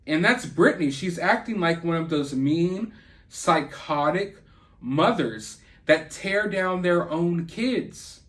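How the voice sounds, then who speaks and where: A man with a notably high voice rants through celebrity gossip commentary. He sounds indignant and sarcastic, piling on jabs as he goes. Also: lively intonation, slow pace, fairly bright tone. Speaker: channel host.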